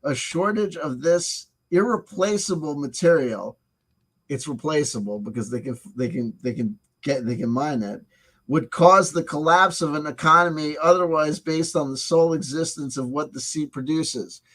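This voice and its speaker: A man's voice: fairly high pitch, moderate pace, fairly bright tone. A man hosting a casual review of a tabletop game supplement. He reads passages aloud and breaks off into sarcastic, profane asides.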